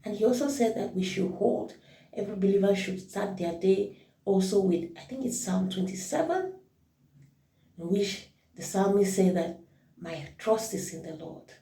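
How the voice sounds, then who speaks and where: A woman's voice: medium pitch, animated, normal speed, mellow. A woman giving an informal devotional talk as a worship leader, reflective and thinking aloud as she corrects herself. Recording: roomy echo, mic at a distance.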